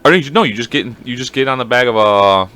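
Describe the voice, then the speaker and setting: A man's voice: mid-range voice, fast, pushed and bright, smooth. A young man co-hosting a casual podcast, joking crudely and swearing freely while smoking a cigar. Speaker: podcast co-host. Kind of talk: casual chat. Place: small room, smoking cigars. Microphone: studio mic on a desk.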